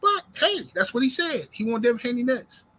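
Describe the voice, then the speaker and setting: A man's voice: very high-pitched, very animated, a little fast, bright, forceful tone. A man hosting boxing commentary, talking in a profane, fired-up rant full of rhetorical questions.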